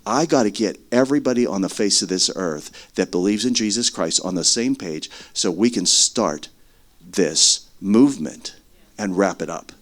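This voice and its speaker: A middle-aged man preaching a sermon as earnest testimony, swinging between loud stretches and hushed ones. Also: lowish voice, normal speed.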